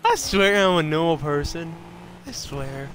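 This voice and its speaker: A man from Louisiana with a Louisiana accent, streaming live, excitable and swearing, and loud when he argues. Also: on the high side, a little slow, background noise. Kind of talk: casual livestream chat.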